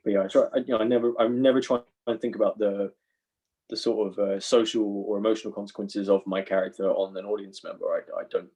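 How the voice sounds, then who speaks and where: A man's voice: lowish voice, level tone, quick pace, mellow, husky, rough recording. A man, an actor guest on a podcast, telling laid-back anecdotes with chuckles. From London. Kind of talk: casual podcast storytelling.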